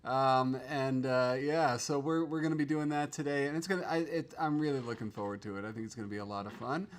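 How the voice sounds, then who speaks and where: A man's voice: mid-range voice, fast talker. A man hosting a casual livestream from a home studio, chatting loosely, trailing off and restarting his sentences. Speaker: livestream host.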